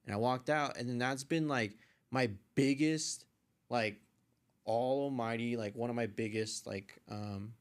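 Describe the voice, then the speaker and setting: A young man, a podcast guest, casually telling a story with lively quoted voices and frequent swearing. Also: mid-range voice, a little slow. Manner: animated retelling, acts out quoted voices, swears freely. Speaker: podcast guest, artist and photographer.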